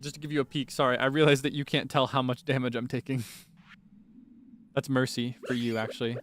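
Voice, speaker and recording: A man's voice: mid-range voice, level tone, brisk, a bit bright, a little hiss or hum. A young man streaming a game, chatting casually and nervously, scolding monsters on screen and laughing at himself. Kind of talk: casual gameplay commentary. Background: game music.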